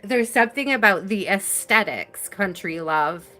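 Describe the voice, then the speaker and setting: A woman hosting a live tarot reading in an unhurried, soft and reassuring voice, pausing often on "like" and "um." Her pitch sits in a middle range, and faint music plays behind her. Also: expressive. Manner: slow, soft and reassuring, with many fillers. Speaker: tarot reader.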